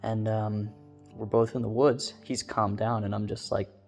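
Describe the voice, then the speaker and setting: A man recounts a spooky personal story in a loose, casual ramble, leaning on filler words. His voice sits low and has a gravelly fry to it. Soft guitar music plays faintly underneath. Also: flat delivery, measured pace.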